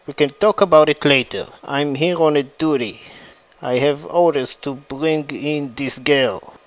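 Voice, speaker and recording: Cocky taunting young male agent, read by a man, plain and slow. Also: a little high, rough recording.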